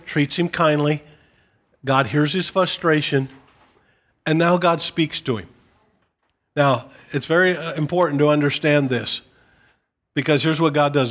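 A man, a pastor, preaching a gentle, conversational sermon with casual asides to his listeners. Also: mid-range voice.

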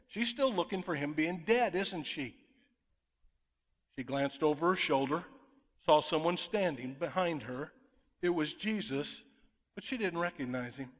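A pastor preaches a sermon with emphasis, firing rhetorical questions at the congregation. His voice sits on the high side and moves a little slowly, the highs are cut off, and a large hall adds long reverb.

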